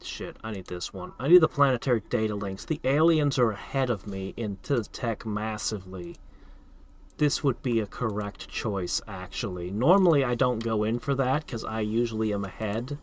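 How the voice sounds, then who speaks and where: A man's voice: lowish voice, moderate pace. A man casually thinking aloud as he plays a strategy game, reacting to each turn. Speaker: gameplay streamer. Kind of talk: casual let's-play commentary.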